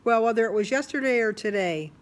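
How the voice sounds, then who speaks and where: A woman's voice: fairly high pitch, lively intonation, fast talker, slight background noise. Chatty Midwestern woman vlogger. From Michigan, USA. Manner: chatty, gushing, breaks into playful singing. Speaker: weight-loss vlogger. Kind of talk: casual chatty vlog.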